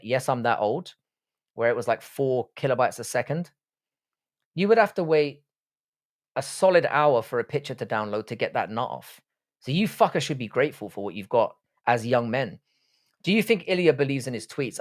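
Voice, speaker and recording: A man in his thirties hosting a casual live stream, swearing freely and bantering with his chat. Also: medium pitch. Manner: profane, joking banter with chat. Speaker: livestream host reacting to fights.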